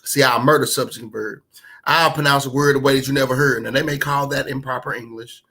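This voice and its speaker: A man's voice: mid-range voice, steady tone, brisk, pushed and bright, poor audio. A man from Memphis with a Southern US accent, performing spoken word poetry in a rhythmic, emphatic rhyming delivery. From Memphis, Tennessee.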